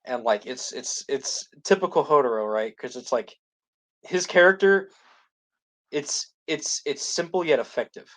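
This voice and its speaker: A man's voice: mid-range voice, animated, measured pace, fairly bright tone. A man co-hosting a podcast, recapping a series in casual chat full of "like" and restarts. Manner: rambling, heavy use of "like" and restarts. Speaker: podcast co-host.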